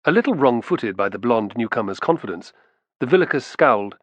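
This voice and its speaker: A man reading an audiobook in steady, measured scripted narration. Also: fairly low pitch, dry recording.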